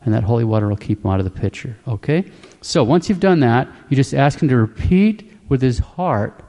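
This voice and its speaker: Man, Catholic preacher, calm instructional talk, plain-spoken, repeats points, warm mellow tone. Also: mid-range voice, a little fast, big-room sound.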